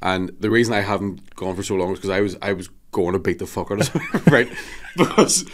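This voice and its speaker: A Scottish man guesting on a casual podcast, spinning a sweary, rambling story. His voice sits on the low side. He talks at a quick clip. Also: slight background noise.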